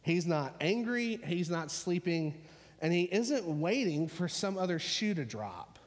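A pastor preaching a sermon, telling a story in a relaxed, conversational way full of fillers. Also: male voice, sits high, a little slow, big-room sound.

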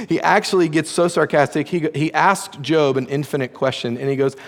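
A man preaching a sermon as pastor, animated and playfully sarcastic as he retells a story. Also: on the high side, a little fast, few pauses, long reverb tail. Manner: animated, playful sarcasm when quoting God.

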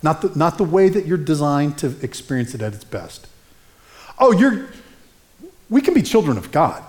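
Male pastor, sermon, animated conversational storytelling, higher voice, very expressive pitch. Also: moderate pace.

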